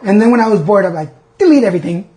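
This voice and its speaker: A man's voice: high-pitched, rapid-fire, warm tone. A man hosting a podcast, chatting candidly and making fun of himself. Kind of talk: casual chat.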